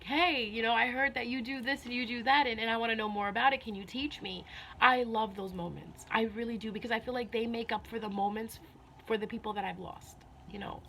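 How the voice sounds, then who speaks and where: A woman's voice: a little high, a bit bright, a little hiss or hum. A woman talking earnestly and heartfelt to her viewers in a casual vlog, repeating herself often and sounding a little emotional. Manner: earnest, repeats herself, many "you know"s. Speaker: spiritual vlogger. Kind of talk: casual heartfelt talk to camera.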